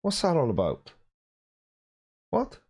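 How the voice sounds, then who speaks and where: A Welsh man hosting a casual live stream from his desk at home, reading viewer comments in a chatty, teasing way and often clearing his throat. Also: fairly high pitch, wildly swooping pitch, slow pace, darkish tone.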